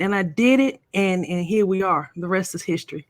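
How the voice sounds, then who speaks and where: A woman's voice: medium pitch, fairly even intonation, fairly quick, fairly bright tone, no room sound. A middle-aged woman hosting a casual live stream, chatting and playfully teasing viewers.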